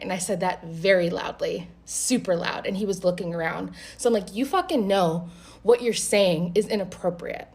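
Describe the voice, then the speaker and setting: Animated, foul-mouthed woman telling a story. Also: medium pitch, normal speed. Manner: animated, profane, quoting both sides of a conversation. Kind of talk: casual storytime to camera.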